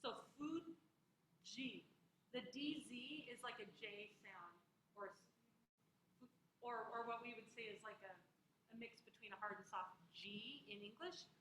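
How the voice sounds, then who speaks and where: A woman with a high, bright voice leads a classroom diction lesson, patiently drilling words and encouraging her students. Her voice is recorded in an echoey classroom with faint noise behind it. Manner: drills pronunciation slowly, encouraging. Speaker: music instructor.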